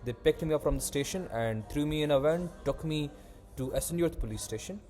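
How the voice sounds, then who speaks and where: A young man hosting a casual podcast, telling animated, rambling stories and swearing freely. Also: fairly high pitch, a little fast, soft background music. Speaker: podcast host. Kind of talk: casual chat.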